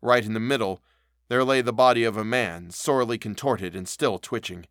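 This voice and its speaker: A man narrating an audiobook of a classic novel, reading in a measured, solemn way. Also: mid-range voice, a bit bright, no echo, studio quality.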